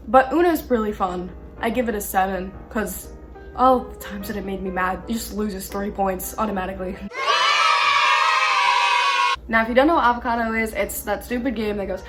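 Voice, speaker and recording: A woman vlogger chatting casually, laughing often and getting animated when she retells arguments. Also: fairly high pitch, normal speed, soft background music. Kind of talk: casual chat.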